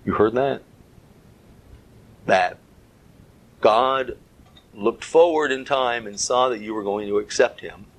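A man's voice: medium pitch, slow, pauses often, rough recording. A man giving a Bible teaching talk as a preacher, earnest, speaking in short phrases and stressing key words.

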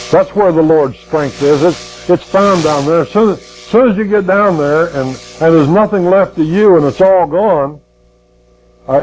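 A man's voice: medium pitch, measured pace, darkish tone, dull audio. An older man preaching a sermon in a folksy way, repeating words and rising to fervent emphasis.

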